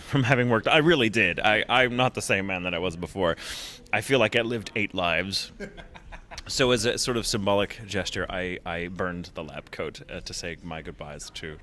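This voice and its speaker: Bright, playful man at a convention. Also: low-pitched. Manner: playful, jokey, theatrical. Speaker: voice actor guest. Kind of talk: convention interview, casual chat. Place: convention floor.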